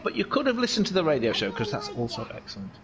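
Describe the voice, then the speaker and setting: A man's voice: medium pitch, wildly swooping pitch, fast, a crowd in the background. A man commentating on a sim race stream in a casual way, rambling from joke to joke with plenty of swearing. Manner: rambling, joking and sweary banter.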